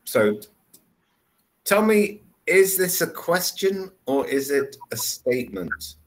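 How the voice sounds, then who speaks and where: Speaking slowly in a slightly high, very animated voice, a man gives a one-on-one online English lesson. He walks his student through each point with patience.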